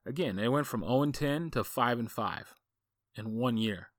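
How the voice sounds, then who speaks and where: A man's voice: mid-range voice, moderate pace, no echo, clean studio sound. Enthusiastic man telling a coaching story. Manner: enthusiastic, folksy, rambling with asides. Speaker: football coach and podcast host. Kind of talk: casual storytelling monologue.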